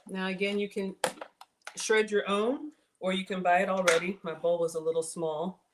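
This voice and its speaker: A chatty woman talks through a recipe in her home kitchen, reading out viewers' comments and answering them as she goes. Her voice sits at an ordinary middle pitch, and a faint hum of background noise lies under the talk. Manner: chatty, reads viewer comments aloud, folksy. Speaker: cooking livestream host. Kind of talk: casual cooking livestream chat.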